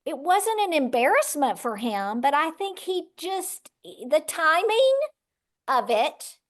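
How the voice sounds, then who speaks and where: A middle-aged woman from West Texas, guesting on a podcast and telling her story with animated voices for the people in it. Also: sits high, takes it slowly.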